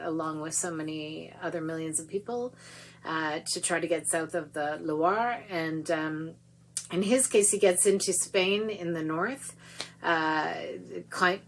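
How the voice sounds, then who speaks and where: Chatty woman author, lowish voice, faint hum. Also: a bit bright, poor audio. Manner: chatty and self-deprecating, with frequent ums and laughs. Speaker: author giving a reading. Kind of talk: casual talk at a livestreamed book reading. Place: at home, on a video stream.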